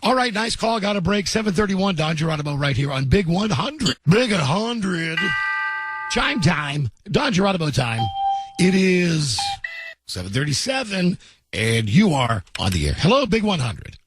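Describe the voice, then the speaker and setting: A man's voice: high-pitched, sing-song, a little slow, fairly bright tone, husky. A man hosting a morning radio show, teasing his callers with wisecracks. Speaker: radio host. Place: radio studio.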